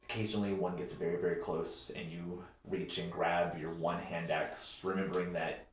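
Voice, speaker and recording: A man narrating a tabletop game as game master, with lively, descriptive storytelling. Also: sits low, moderate pace, slight background noise. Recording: echoey room.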